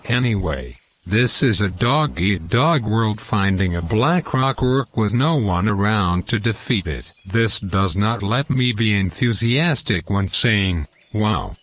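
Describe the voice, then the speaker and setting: A man narrating a game walkthrough, deliberately reading out lore and in-game quotes. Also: fairly low pitch, animated, a bit bright, slight background noise. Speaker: gameplay commentator.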